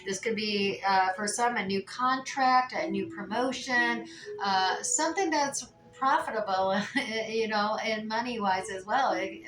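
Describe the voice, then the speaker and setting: A woman's voice: a little high, background noise. A woman giving a casual tarot reading, talking in a chatty way with many fillers and restarts. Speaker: tarot reader. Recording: echoey room, mic at a distance.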